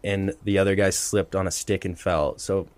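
A young man co-hosting a podcast, telling an animated story with lots of laughter and acted-out quotes. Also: sits low, normal speed, dry recording. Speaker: podcast co-host. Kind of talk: casual storytelling chat.

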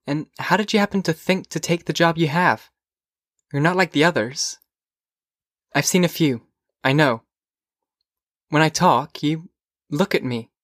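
A man voicing a curious, whimsical teenage girl in an audiobook, with lilting, eager questions that come in quick bursts. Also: on the high side, fairly bright tone, no room sound, studio quality, pitched above the performer's own voice. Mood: wondering. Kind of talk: audiobook character voice.

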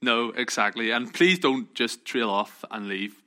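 A man from Northern Ireland, speaking with a Northern Irish accent, tells chatty, joking anecdotes to a group in a casual, self-deprecating way. His mid-range voice is slow-paced, bright and forceful.

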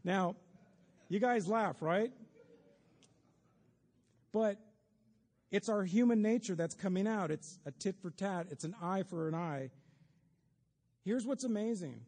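In a church sanctuary, a pastor preaches his sermon in a high-pitched, slightly mellow voice, moving slowly with long pauses. He talks to the congregation conversationally and slips in wry asides, and the recording carries the long reverb of a large hall.

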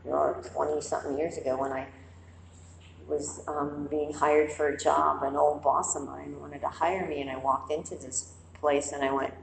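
A woman's voice: sits low, moderate pace, creaky, reverberant, big-room sound, background noise. A woman meditation teacher giving a conversational dharma talk to a group, telling stories and acting out inner voices. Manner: conversational, animated storytelling with acted-out inner voices. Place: quiet meditation hall.

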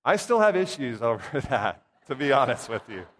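A man's voice: mid-range voice, moderate pace, hardly any pauses. Folksy preacher man in a reverberant church. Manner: folksy and humorous, with lively asides to the congregation. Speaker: pastor or church minister. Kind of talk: casual storytelling sermon. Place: church sanctuary. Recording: long hall reverb.

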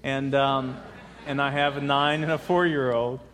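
Middle-aged pastor, informal, big echoing hall. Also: male voice, mid-range voice, fairly even intonation, measured pace, a bit bright. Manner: informal, rambling, with many restarts. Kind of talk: sermon. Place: large church sanctuary. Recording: long church hall reverb.

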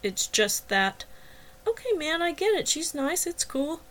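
A woman voicing a teasing young male maintenance worker, playful and a bit higher. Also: big pitch swings, unhurried, fairly bright tone, heavily acted.

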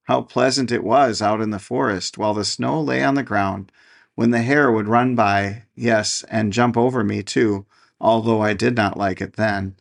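Man reading as a young fir tree, lonely and wistful, proud, gravelly voice, storybook. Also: on the low side, fairly even intonation, moderate pace.

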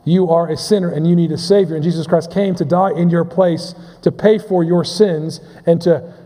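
A man's voice: a little high, fairly even intonation, mellow. Guy preaching, stumbles and repeats words a lot, long echo like a big sanctuary. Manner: halting, repeats words, asks the congregation questions. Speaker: pastor. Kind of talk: sermon. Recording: long reverb of a large hall.

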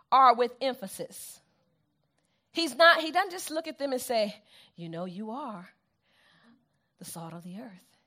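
High-voiced woman preaching with call-and-response. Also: fairly bright tone. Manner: call-and-response, repeats phrases for emphasis. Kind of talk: sermon.

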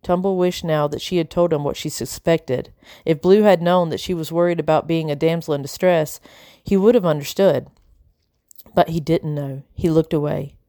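A woman reads a chapter book aloud in an even, steady narrating voice. Her voice sits on the lower side for a woman. The recording is close and dry, with no room sound. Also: normal speed, dry recording. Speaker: audiobook narrator. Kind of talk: storybook narration.

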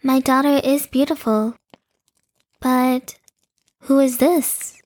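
A woman voicing a graceful elder female dragon spirit in an audio drama, speaking gently and graciously. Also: sits high, fairly even intonation, slow pace. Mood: tender.

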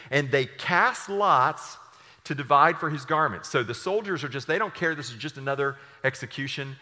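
Male pastor, sermon delivery, dramatic scripture reading, mid pitch, long hall reverb. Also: bright, forceful tone.

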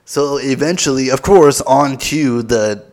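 A man's voice: mid-range voice, measured pace, a little mellow. A man hosting a podcast, telling a comic story in a rambling, self-mocking way with lots of fillers. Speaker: podcast host. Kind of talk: comedic storytelling.

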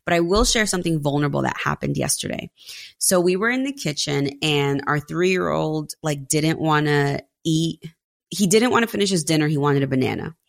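Low gravelly woman telling stories. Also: moderate pace. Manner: candid storytelling with many fillers. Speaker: podcast guest. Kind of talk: casual conversation.

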